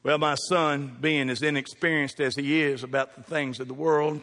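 Man, pastor, storytelling sermon, high voice, jokey and animated, long church reverb. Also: moderate pace. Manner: animated, jokey, jumps from hushed asides to loud calls. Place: church sanctuary with congregation.

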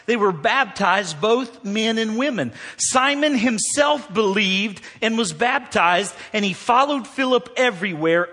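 A man preaching a sermon as pastor, telling a story and swinging between hushed, quiet passages and loud, emphatic ones. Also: sits high. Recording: long hall reverb.

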